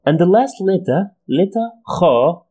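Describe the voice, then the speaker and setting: A man's voice: high voice, expressive, measured pace, mellow. A man teaching letters and their sounds, patiently repeating each sound for learners. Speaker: Arabic language teacher. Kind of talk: slow, deliberate pronunciation lesson.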